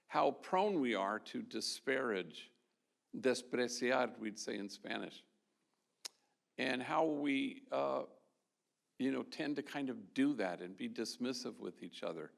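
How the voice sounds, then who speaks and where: Speaking in a creaky, mid-range voice, a Jesuit priest tells stories during an award talk to a live audience in an event hall. His storytelling is loose and conversational, with many restarts.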